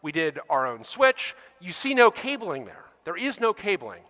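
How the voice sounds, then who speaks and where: A middle-aged man giving a technical conference talk, fast and emphatic, acting out the voices he quotes. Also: high voice, sing-song, sharp tone. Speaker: conference speaker. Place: large conference hall. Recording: reverberant hall.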